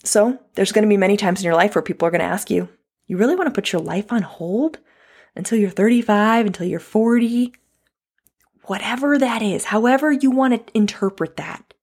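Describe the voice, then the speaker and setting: A woman in her thirties with a medium-pitched, slightly mellow voice hosts a podcast. She speaks directly to the listener in an earnest, heartfelt motivational monologue.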